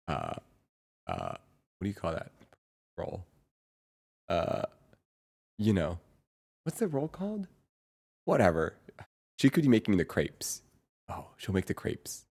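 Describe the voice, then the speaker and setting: A young man streaming from home, chatting casually in a rambling, halting way with lots of ums and laughs. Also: sits low, creaky, darkish tone. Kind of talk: casual chat reading chat.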